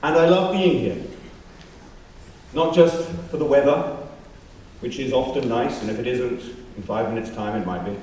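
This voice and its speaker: Rabbi in a very echoey hall. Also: male voice, medium pitch, darkish tone. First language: not Australian-born. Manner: measured, wry asides. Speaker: rabbi addressing a school assembly. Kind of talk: formal speech. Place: large school hall. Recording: very echoey hall from far off, faint background noise.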